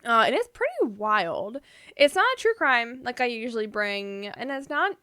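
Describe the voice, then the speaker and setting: A woman's voice: fairly high pitch, sing-song, normal speed, pushed and bright, no echo. Chatty young woman, very dry sound. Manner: chatty, rambling with many fillers and restarts. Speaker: podcast co-host. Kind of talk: casual chat.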